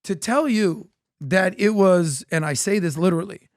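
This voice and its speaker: Here a man with a high-pitched voice speaks at a moderate pace, with no room sound and a clean studio finish. Co-hosting a political podcast, he spins animated anecdotes and performs the dialogue in them.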